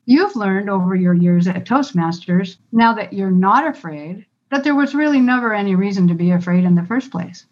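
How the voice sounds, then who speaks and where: A woman stage fright coach explaining her methods as a guest in a calm, reassuring way. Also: medium pitch, moderate pace, few pauses, dull audio.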